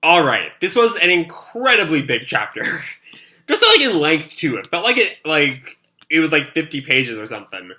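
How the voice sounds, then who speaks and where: Bright-voiced man recapping a manga. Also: on the high side, sing-song, moderate pace. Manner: rambling, with many fillers. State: sore throat. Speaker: manga reaction host. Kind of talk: live reaction and recap.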